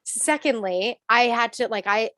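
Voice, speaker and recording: A woman, a spiritual coach, telling a story in a casual interview, animated, acting out quotes and laughing. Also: a little high, a little slow, no echo.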